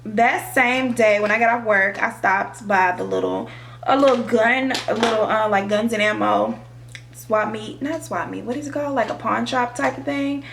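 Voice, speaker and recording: A young woman vlogger telling a dramatic, profane storytime while doing her makeup, animated and expressive. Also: a little high, normal speed, vocal fry. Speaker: beauty vlogger. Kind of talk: storytime chat during a makeup tutorial.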